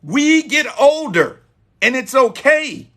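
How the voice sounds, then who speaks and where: A man's voice: very high-pitched, very animated, slow pace, a bit bright. A man in his forties hosting a live dating-advice talk, emphatic and repeating his key points. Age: 40s. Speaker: host.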